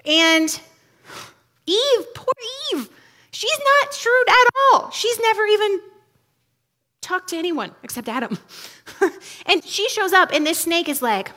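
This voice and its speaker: A woman's voice: high-pitched, very animated, normal speed, bright, forceful tone. A woman giving a casual, humorous teaching talk, chatty and full of asides, laughing often.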